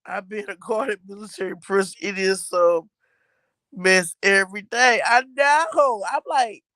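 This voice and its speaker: A middle-aged woman from Texas chats with her viewers in a loose, animated storytelling way, laughing often. Her voice sits at an ordinary pitch, and the recording is close and dry with no room sound. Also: measured pace, no room sound. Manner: chatty and animated, laughing often, uses Southern US slang. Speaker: mother talking about her son's new job.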